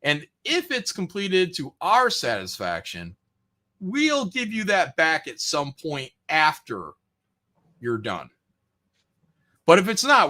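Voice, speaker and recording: A man's voice: fairly high pitch, huge pitch swings, takes it slowly, pauses often, sharp tone. A man ranting profanely and mockingly in a casual podcast chat, often mimicking other people. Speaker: podcast host.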